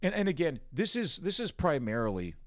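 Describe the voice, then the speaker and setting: A man's voice: on the high side, very animated, fairly quick, no echo. A man hosting a news commentary stream, ranting angrily with constant profanity and mockery. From United States. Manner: angry, profane, mocking rant.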